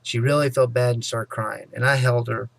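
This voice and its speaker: A man vlogging a rambling personal story to his viewers, full of "you know" and "anyway," sometimes fast and loud. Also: mid-range voice, steady tone, vocal fry, no room sound. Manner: talks fast and loud at times. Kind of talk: casual personal storytelling to camera.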